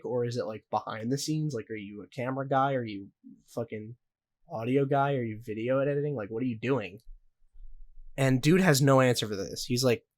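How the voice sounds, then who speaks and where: A young man co-hosting a podcast, telling a story in a rambling, profane way full of filler words. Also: medium pitch. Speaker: podcast co-host. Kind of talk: casual podcast chat.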